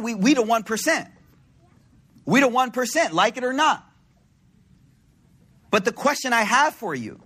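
A man's voice: high voice, a bit bright. A man giving an informal sermon, telling stories with slangy quoted dialogue. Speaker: preacher.

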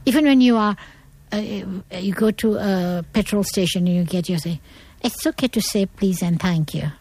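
A woman's voice: medium pitch, normal speed, a little mellow, breathy edge. A middle-aged woman from India, giving an earnest, emphatic talk on manners as a guest. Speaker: guest speaker.

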